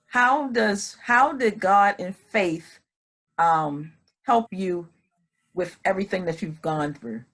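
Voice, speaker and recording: A woman's voice: medium pitch, slow, a bit bright. Woman host asking interview questions.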